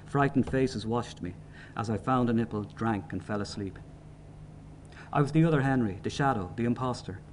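Man, audiobook narrator, mid pitch, measured sombre delivery, faint background hiss.

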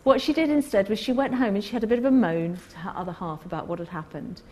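A woman telling a workplace story in a talk, animated and acting out the people she quotes. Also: medium pitch, fast. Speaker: co-host.

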